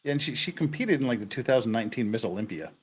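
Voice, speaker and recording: A man's voice: medium pitch, fast talker, breathy edge. A man hosting a casual livestream, chatting and telling stories with lots of laughter. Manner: laughing, animated storyteller. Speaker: livestream host.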